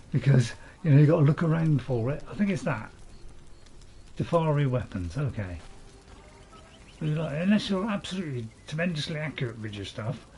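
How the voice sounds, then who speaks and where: A man gives loose, rambling commentary over his own gameplay, chuckling often. His voice sits a bit high and swings widely in pitch. Steady hiss runs under the noisy home recording. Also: moderate pace, long pauses. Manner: rambling, chatty self-talk with frequent chuckles. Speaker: gaming channel host. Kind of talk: let's-play gameplay commentary.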